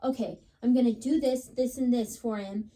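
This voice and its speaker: A young woman co-hosting a casual podcast, telling a personal story with lots of "like" and plenty of drama. Her voice sits somewhat high, with a dark, mellow tone. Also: fairly even intonation, moderate pace. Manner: chatty, dramatic retelling, lots of "like". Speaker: podcast co-host.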